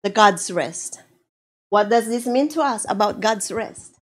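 A woman pastor from the Philippines preaching a sermon, slow and animated, acting out quotes as she goes. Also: medium pitch.

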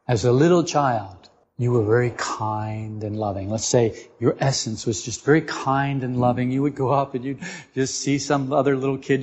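Animated man teaching in a reverberant room. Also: mid-range voice, normal speed. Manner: animated, joking, asks the audience questions. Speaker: esoteric teacher. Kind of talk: informal spiritual talk to a group. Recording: dull lo-fi recording in a reverberant room.

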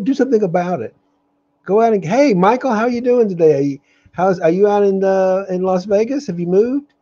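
Earnest man, dark dull webcam sound. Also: high-pitched, breathy edge. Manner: earnest, openly angry, halting with restarts. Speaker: host of a daily live meditation stream. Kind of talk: live-streamed spiritual talk.

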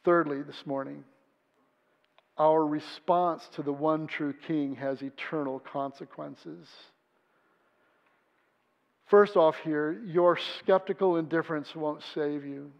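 A man's voice: fairly high pitch, fairly even intonation, takes it slowly, vocal fry, pauses often. A man preaching a sermon as pastor, earnest, acting out the voices he quotes. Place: church sanctuary. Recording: dull sound in a reverberant church hall.

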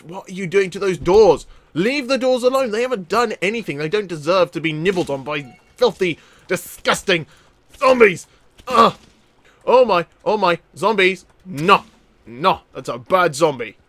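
A man giving excitable let's play commentary, often laughing and shouting at enemies. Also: on the high side, dry recording. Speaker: gaming YouTuber.

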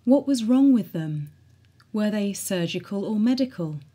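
A woman reading a diary aloud in a measured, earnest way. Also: mid-range voice, expressive, mellow, breathy edge.

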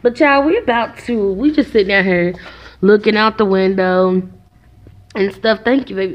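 A chatty woman in her twenties vlogs from home and keeps talking to her viewers as "y'all." Her voice sits in an ordinary middle pitch. The sound is dull and lo-fi, like a phone video. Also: normal speed. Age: 20s. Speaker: vlogger, single mother. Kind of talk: casual vlog chat.

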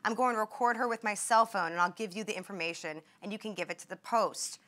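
A woman's voice: medium pitch, fast talker, fairly bright tone, lightly acted. A woman reading a scheming hospital roommate woman. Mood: conspiratorial.

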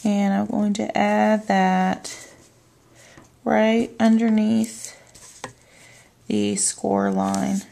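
Woman crafting instructor, unhurried, gravelly voice, calm step-by-step delivery. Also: medium pitch. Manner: calm, narrating her hands-on work. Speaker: card-making demonstrator.

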